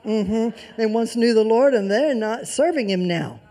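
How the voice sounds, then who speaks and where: Preacher, mid-pitched, mellow tone, sermon with emphatic repetition and soft asides. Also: lively intonation, unhurried. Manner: emphatic repetition of key phrases; swings between loud emphasis and soft near-whispers.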